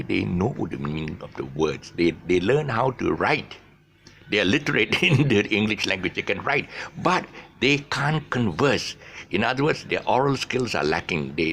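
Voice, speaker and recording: A low-pitched man gives a casual English pronunciation lesson, his voice bright and rising and falling a lot. He overstresses syllables on purpose and stumbles through restarts and fillers. A faint ambient hum sits behind him. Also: gravelly. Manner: explains with many restarts and fillers; exaggerates stressed syllables to demonstrate. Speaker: English teacher.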